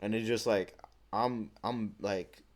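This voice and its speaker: A man's voice: lowish voice, fairly even intonation. Slangy eighteen-year-old guy venting. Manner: casual slangy talk, says bro a lot, swears freely; acts out other people's lines in quick quoted voices. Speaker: vlogger. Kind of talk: casual venting monologue.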